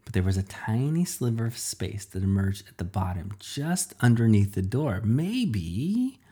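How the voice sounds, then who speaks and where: A man narrating a children's story in an animated, dramatic way. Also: lowish voice, normal speed, breathy edge.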